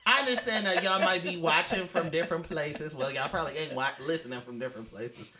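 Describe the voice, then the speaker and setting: A man's voice: on the high side, quick pace, crowd noise. A young man co-hosting a casual podcast, slangy and joking, then turning earnest. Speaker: podcast co-host.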